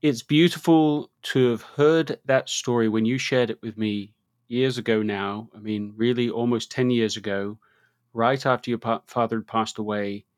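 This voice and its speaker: A man of middle pitch hosts an interview and reflects earnestly on a story his guest has just told. His voice is close and dry, with no room sound around it. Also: fairly even intonation, moderate pace, no echo. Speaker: host. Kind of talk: interview conversation.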